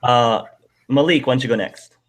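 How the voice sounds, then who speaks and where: A man's voice: medium pitch, moderate pace. A man hosting a casual online video panel, talking in a friendly way with plenty of "um"s. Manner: friendly, with frequent fillers. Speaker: host.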